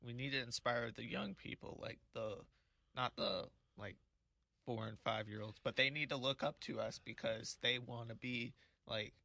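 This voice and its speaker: Gravelly bright-voiced man, hesitant. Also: medium pitch, steady tone, moderate pace, no echo. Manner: hesitant, filler-heavy. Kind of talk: casual conversation.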